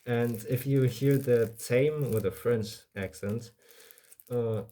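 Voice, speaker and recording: A man's voice: mid-range voice, slow pace, mellow. A young man chatting casually on a live stream, rambling playfully and toying with mock accents.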